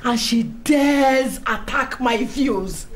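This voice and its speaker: An actress with a Nigerian accent playing a proud, domineering society lady who rages and shouts at her rivals. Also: on the high side, slow, heavy background noise. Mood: furious. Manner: shouting, indignant, theatrical outbursts. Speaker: actor in a film. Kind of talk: melodramatic film acting. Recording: echoey room with music underneath.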